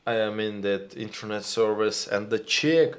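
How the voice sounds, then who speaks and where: A Ukrainian man with a Ukrainian accent, hosting a live stream in halting English, reading viewer comments and calling his viewers "my dears". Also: fairly low pitch. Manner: halting, searching for words, addresses viewers as "my dears".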